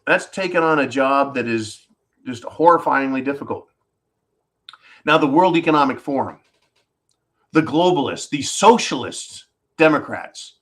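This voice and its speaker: A man's voice: medium pitch, fairly bright tone. A man hosting a livestream and ranting bluntly about politics, swearing freely and talking the audience through it. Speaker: livestream host.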